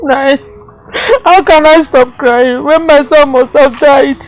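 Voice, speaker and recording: A woman's voice: high voice, steady tone, slow pace, soft background music, low-quality recording. An actress with a Nigerian accent playing a grieving village mother who scolds and laments. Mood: scolding.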